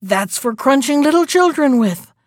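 Cunning fake-friendly wolf, put on by a woman reader; smooth and coaxing, animated delivery. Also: high-pitched, moderate pace, no echo, studio quality. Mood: menacing. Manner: smooth, coaxing, feigned gentleness. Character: sly hungry male wolf, fake-friendly. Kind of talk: storybook reading.

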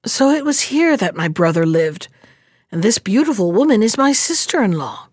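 A woman's voice: mid-range voice, very animated, moderate pace, no room sound, studio quality. A woman voicing a brave, loyal young man in a fairy-tale reading, speaking in an earnest, urgent way. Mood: musing.

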